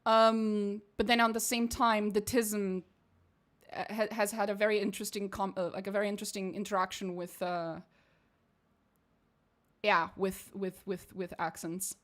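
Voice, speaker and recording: She's a young Portuguese game streamer whose commentary is blunt, profane and full of laughter. Her accent shifts, mostly posh British or American with a faint Portuguese edge, and her mid-range voice is flat and moderately paced.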